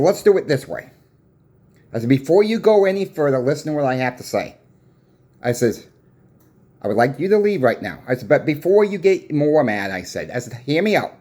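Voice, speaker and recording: A man's voice: a little high, a little mellow. Folksy man retelling a shop dispute. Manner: retells a dispute with many "I said" and "I says" tags; plain-spoken and folksy. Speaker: coin shop owner. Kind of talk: casual storytelling vlog.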